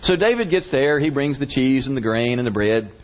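Preacher guy telling a bible story, mid pitch, chill and chatty, bit muffled. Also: animated, fairly quick. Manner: casual, conversational storytelling with slang. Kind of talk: sermon retelling a Bible story. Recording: slightly muffled lo-fi recording.

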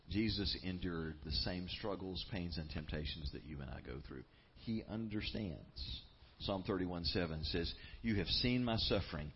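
A man preaching a sermon as a pastor, earnest and emphatic, with dramatic pauses. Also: deep voice, slightly rough, highs cut off.

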